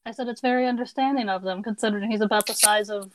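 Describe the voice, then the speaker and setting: A woman's voice: mid-range voice, fast talker, rough recording. A woman playing a tabletop game, easygoing and a little hesitant. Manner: easygoing, hesitant, laughs easily. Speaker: player.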